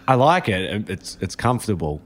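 Man, podcast guest, a bit low-pitched, easygoing and teasing, casual garage chat. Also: very animated, a little fast, slight background noise. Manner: laid-back, teasing. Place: home garage.

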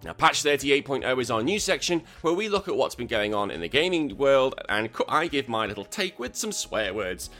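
A man's voice: mid-range voice, normal speed, hardly any pauses, faint music behind. A man hosting a podcast, chatting casually and ranting with lots of swearing. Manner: animated, swears a lot, exasperated rants. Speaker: podcast host.

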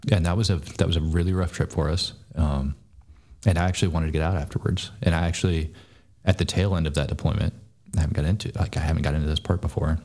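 A man's voice: a bass voice, fairly even intonation, darkish tone. A man, a former soldier and podcast guest, telling a story in a blunt, profane, casual way. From United States. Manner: blunt, profane, fast-talking.

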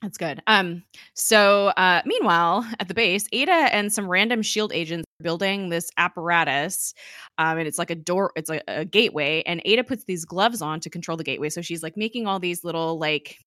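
A woman's voice: lowish voice, a little fast, bright, forceful tone, no room sound, clean studio sound. A young woman in casual chat, recapping a TV episode and paraphrasing the characters with lots of "like". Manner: chatty, peppers speech with "like", paraphrases characters' lines. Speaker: podcast host recapping a TV episode.

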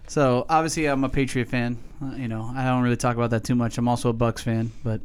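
A man's voice: medium pitch, fairly even intonation, quick pace, smooth. A man from New England co-hosting a casual podcast, telling rambling, profane stories with many restarts. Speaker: podcast co-host, cigar shop worker. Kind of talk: casual chat.

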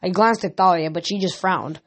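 A woman with a fairly low voice reads a novel aloud at a moderate pace for an amateur audiobook. Now and then she stumbles and restarts.

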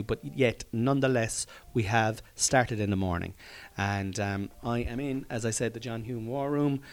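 Rambling comedian podcast host. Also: male voice, medium pitch. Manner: rambling, jokey, swears casually. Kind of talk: casual comedic podcast monologue. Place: room at home.

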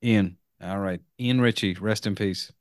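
A man's voice: on the low side, unhurried, no room sound, studio quality. A man co-hosting a film podcast in casual, teasing chat. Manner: joking, teasing, laid-back. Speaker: podcast co-host.

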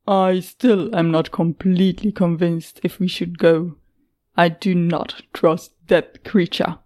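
A woman's voice: fairly low pitch, flat delivery, slow, mellow. A woman voicing a kind, loyal young man who speaks formally without contractions. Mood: measured.

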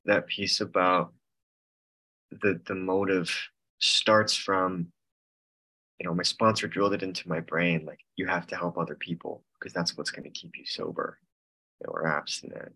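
Young man, 20s, deep, earnest halting share on a video call. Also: fairly bright tone, slightly rough, poor audio. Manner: earnest, halting, laughs nervously. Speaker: meeting member sharing. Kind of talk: casual personal share.

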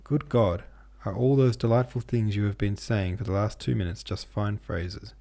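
A man's voice: on the low side, fairly even intonation, moderate pace, gravelly, warm tone. Man reading as a haughty young noblewoman.

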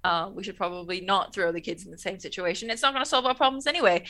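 A woman's voice: mid-range voice, quick pace, hardly any pauses, pushed and bright. A woman co-hosting a casual rewatch chat, laughing often, swearing, and acting out characters' lines. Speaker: podcast co-host.

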